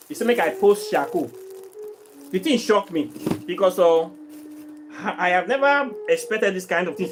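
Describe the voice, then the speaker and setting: High-voiced Nigerian man ranting. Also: fairly bright tone, a little hiss or hum. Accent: Nigerian, mixing in Pidgin. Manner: exasperated, repetitive complaining. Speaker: vlogger selling herbs and spiritual products. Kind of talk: casual vlog rant to viewers.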